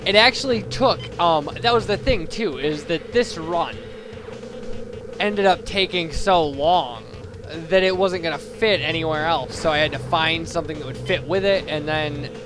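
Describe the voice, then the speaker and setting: A young man giving casual, rambling game commentary, self-deprecating and full of fillers, while hiccuping. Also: a little high. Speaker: let's play commentator. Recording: game music playing behind.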